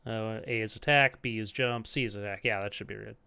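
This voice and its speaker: Animated man chatting on a game stream. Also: fairly low pitch, fairly quick, vocal fry, slight background noise. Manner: rambling and animated, frequent "like" fillers, laughs often. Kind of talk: casual live-stream chat while playing. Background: faint game music.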